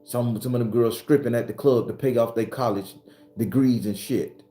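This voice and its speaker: At medium pitch and normal speed, a man who hosts his own spiritual channel gives a blunt, profane, passionate motivational monologue. His preachy delivery rises to shouting during retold arguments, and the roomy recording carries faint background music.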